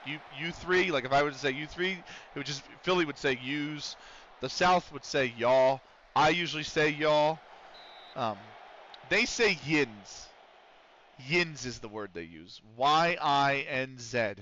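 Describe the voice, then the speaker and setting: Bright-voiced ranting American streamer man. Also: on the high side. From Pennsylvania, USA. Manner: rambling, profane, ranting. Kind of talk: casual gaming stream chat. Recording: dull lo-fi stream audio with faint noise.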